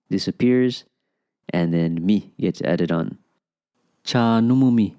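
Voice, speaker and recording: A man's voice: fairly low pitch, dark tone, smooth, dry recording, clean studio sound. A man teaching a language lesson, explaining patiently and often starting with "okay" and "um". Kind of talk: explaining an Okinawan phrase lesson.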